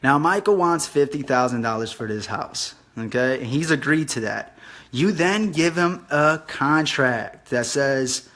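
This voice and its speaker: A man's voice: medium pitch, expressive, measured pace, a bit bright. A young man casually explaining a real estate deal, loose and profane as he sketches it out. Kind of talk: casual whiteboard tutorial.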